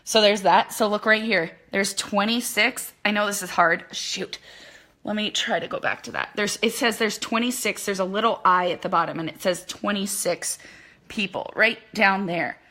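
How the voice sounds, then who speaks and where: A woman with a bright, forward voice runs a casual live tutorial for small-business owners, speaking straight into her phone. She talks in quick, chatty bursts, leaning on fillers and loose asides as she explains. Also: mid-range voice, fairly even intonation. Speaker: social media business trainer.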